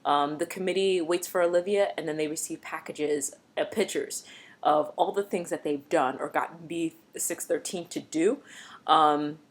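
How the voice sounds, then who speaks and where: A woman vlogger giving a casual, expressive recap of a TV episode, chatty and blunt. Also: low-pitched, normal speed.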